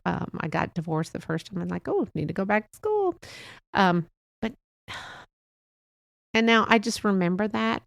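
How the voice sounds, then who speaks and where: A woman in her sixties hosts her own podcast, drifting from thought to thought in a heartfelt, chatty way. Her mid-range voice has a gravelly edge, and the sound is close and dry with no room around it. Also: mid-range voice, no echo. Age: 60s. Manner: rambling, heartfelt, prone to chuckles. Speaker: podcast host. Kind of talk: casual solo podcast monologue.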